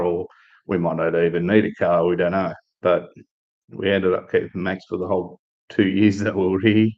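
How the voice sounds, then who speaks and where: A deep-voiced Australian man tells a relaxed, meandering story while chatting casually on a live stream, with fillers and frequent restarts. The recording sounds muffled.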